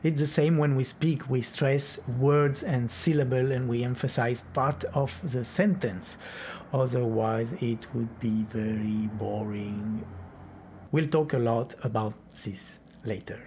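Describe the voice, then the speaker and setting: A man's voice: medium pitch, fairly even intonation, slow pace, dark tone, a little hiss or hum. A man teaching flamenco rhythm, explaining plainly and counting beats aloud with sung rhythm syllables. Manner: plain explanatory talk with occasional Spanish words.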